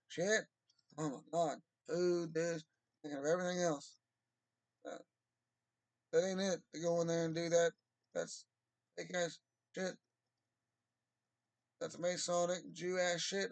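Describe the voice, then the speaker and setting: A man's voice: on the high side, steady tone, normal speed, long pauses, no echo. A man talking in a casual, rambling monologue, drawling and swearing freely. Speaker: vlogger.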